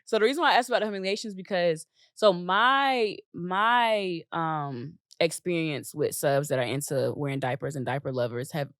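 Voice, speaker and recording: Woman, low voice, dry close sound, blunt playful podcast host. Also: moderate pace, hardly any pauses, fairly bright tone, no room sound. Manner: blunt, playful, laughs often. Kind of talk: casual interview chat.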